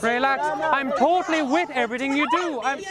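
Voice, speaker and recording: A man's voice: very high-pitched, brisk. A man at a street protest, mocking and defensive, telling people to relax. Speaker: passerby confronted at a street protest. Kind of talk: heated street argument. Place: outdoors on a busy street. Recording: loud crowd noise outdoors. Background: loud crowd.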